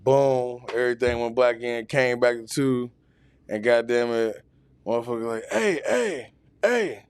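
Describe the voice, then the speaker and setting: A man's voice: mid-range voice, monotone, normal speed, darkish tone, smooth, no room sound. A man telling a long, profane, rambling story as a podcast guest, full of fillers. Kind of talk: casual storytelling. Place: podcast studio.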